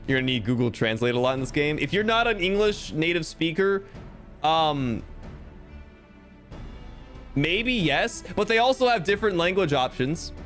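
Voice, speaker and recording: A man streaming a game, chatting casually with animated, jokey, sometimes crude asides over faint game music. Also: fairly high pitch, normal speed, pauses often. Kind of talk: casual let's-play commentary.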